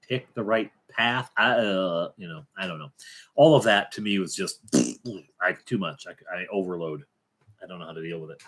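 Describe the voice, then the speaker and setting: A middle-aged man with a fairly low voice, hosting a relaxed late-night livestream. He rambles and hesitates, restarting sentences and filling pauses, and slips in dry, wry jokes along the way. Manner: rambling and halting, many fillers and restarts; wry, joking asides. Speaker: livestream host.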